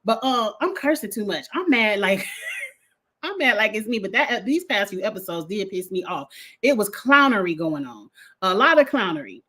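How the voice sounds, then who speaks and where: A young adult woman giving a blunt, animated reality TV review in casual vlog style, swearing freely. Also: medium pitch, normal speed.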